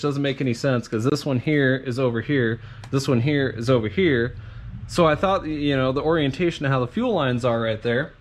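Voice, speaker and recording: A man filming a casual vlog about his car build, talking in a garage beside a running engine. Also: on the high side. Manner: excited, loud over a running engine. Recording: loud engine noise behind.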